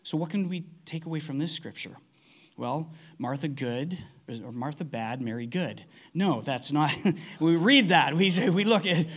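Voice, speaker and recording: A man's voice: sits high, lively intonation, normal speed. A man preaching a conversational sermon, earnest, often restarting his sentences. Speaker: pastor.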